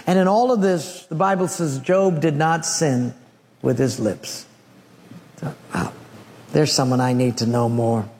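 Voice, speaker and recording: A man preaching a sermon, telling a Bible story in an animated way with humorous asides. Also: on the high side, takes it slowly, long pauses, long reverb tail. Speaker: pastor.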